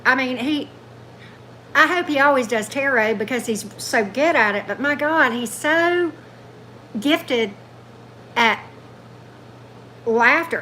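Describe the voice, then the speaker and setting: A woman's voice: sits high, bright, forceful tone, slight background noise, poor audio. A woman hosting a tarot livestream, chatting loosely and answering viewer comments as they come in. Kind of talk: casual livestream chat with viewers.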